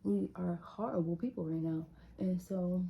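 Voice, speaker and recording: A young woman vlogger telling a story in a casual, animated, chatty way, speaking straight to her viewers. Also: lowish voice, moderate pace, vocal fry, narrow, tinny audio.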